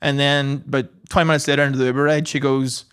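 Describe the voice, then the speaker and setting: A man's voice: medium pitch, quick pace, clean tone. Man telling a story. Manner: animated storyteller, chuckles often. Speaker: podcast co-host. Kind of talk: casual chat, anecdote telling.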